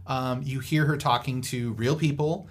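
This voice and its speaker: A man's voice: medium pitch, fairly even intonation, moderate pace. A man co-hosting a podcast, talking in a casual, rambling way with lots of fillers and restarts. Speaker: podcast co-host. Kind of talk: casual panel chat.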